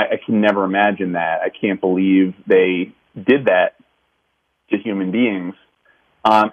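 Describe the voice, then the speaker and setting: A man's voice: on the low side, dull audio. A man, a city councilman, earnestly recounting a memory from his teaching days in a reflective conversational way. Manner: reflective, earnest, many restarts. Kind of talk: personal storytelling in conversation.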